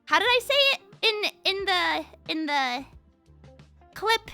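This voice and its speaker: High, animated young woman streamer. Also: takes it slowly, faint music behind. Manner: animated, swings between high excited and low quiet tones. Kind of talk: casual chat with live chat. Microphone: condenser mic.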